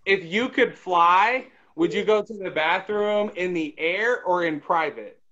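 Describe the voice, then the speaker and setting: A man hosting a radio show, running a playful quick-fire quiz with an upbeat, joking manner. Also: sits high, sharp tone. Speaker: radio host. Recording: dull lo-fi sound.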